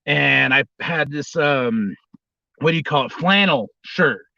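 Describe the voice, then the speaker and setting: Rambling wrestler man on a bright voice. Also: lively intonation, measured pace, creaky, no echo, muffled recording. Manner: rambling, restarts, bursts into high squealing impressions. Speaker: livestream host, former wrestler. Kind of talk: casual storytelling livestream.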